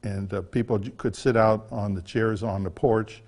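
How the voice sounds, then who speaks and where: Older male author, low-ish voice, folksy chatty storyteller. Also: steady tone, moderate pace, a little mellow. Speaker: author giving a talk. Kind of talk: casual storytelling talk.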